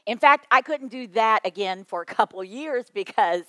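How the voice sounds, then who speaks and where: Middle-aged lady telling a church story to teachers, kinda high voice, dry close sound. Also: no echo. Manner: lively storyteller, quick asides and chuckles. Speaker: children's ministry workshop speaker.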